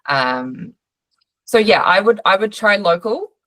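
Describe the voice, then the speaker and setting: A woman's voice: medium pitch, lively intonation, slow, fairly bright tone, no echo. A woman with a New Zealand accent coaching artists in a live online session, chatty with many fillers and restarts. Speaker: art business coach. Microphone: video call.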